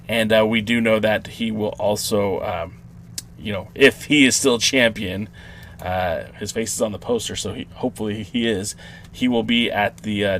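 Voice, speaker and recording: A man hosting a podcast, talking casually on his own with many fillers and restarts. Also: on the low side. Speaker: podcast host. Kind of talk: solo wrestling podcast commentary.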